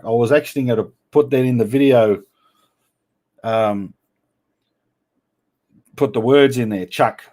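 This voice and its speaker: A man's voice: mid-range voice, unhurried, pauses often, warm tone. A man hosting a casual live stream, reading out viewer comments in a playful, teasing way. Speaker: livestream host.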